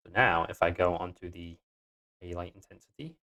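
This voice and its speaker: A man doing a Scottish accent while live-streaming his game coding, muttering to himself, swearing and breaking into sudden excited outbursts. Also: deep voice, moderate pace. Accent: Scottish (put on).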